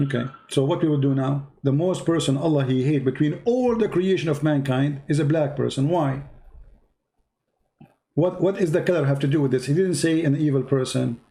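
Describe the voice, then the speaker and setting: A man leads a heated call-in debate, pressing his caller again and again. His voice sits a little high but sounds dark and mellow. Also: moderate pace. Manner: insistent, challenging, repeats phrases.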